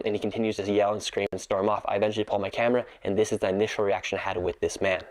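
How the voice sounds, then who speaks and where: Quick scripted voice-over, man with a lowish voice, earnest and indignant. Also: flat delivery. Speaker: video creator narrating. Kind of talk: scripted narration.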